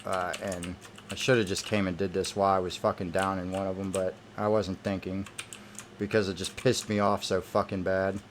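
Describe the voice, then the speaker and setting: A man's voice: deep voice, little pitch movement, moderate pace, a little hiss or hum. A man giving gameplay commentary, irritated and cursing heavily as he plays. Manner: irritated, heavily profane ranting. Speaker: gamer.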